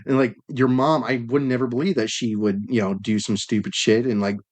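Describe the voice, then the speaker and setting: A man's voice: medium pitch, fairly even intonation, fairly quick. Bantering man on a casual podcast. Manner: bantering, repeats words when cutting in. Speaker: podcast co-host. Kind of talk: casual chat.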